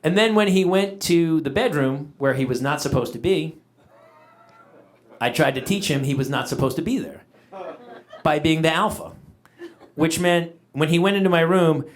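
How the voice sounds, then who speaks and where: A middle-aged male comedian telling an animated story on a live stage, shouting out the voices of himself and his dog. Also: on the high side, normal speed, pauses often. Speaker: stand-up comedian. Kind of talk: stand-up comedy set. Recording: live stage recording with audience noise. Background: audience laughter.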